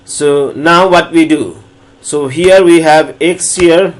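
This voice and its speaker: A man lecturing on differential calculus, walking through each step slowly and repeating phrases as he explains. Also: fairly high pitch. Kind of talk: recorded math lecture.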